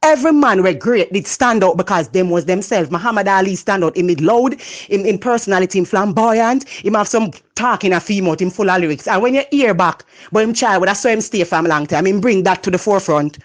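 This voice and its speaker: A Jamaican woman giving a passionate motivational talk, loud and expressive, mixing patois into her English. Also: mid-range voice, fairly quick. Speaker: motivational speaker. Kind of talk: motivational monologue.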